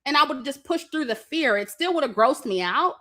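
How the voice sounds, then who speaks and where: A woman's voice: high voice, lively intonation, a little fast, bright, forceful tone. A young woman telling a story to her viewers in casual, profane chat, laughing often and acting out her family's lines. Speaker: vlogger.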